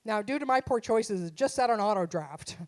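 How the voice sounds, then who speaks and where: A middle-aged woman, a mother, does stand-up comedy live in a theater, speaking into a stage mic. Fairly quick and lively in intonation with a mid-range voice, she delivers punchy, self-mocking material and imitates her son.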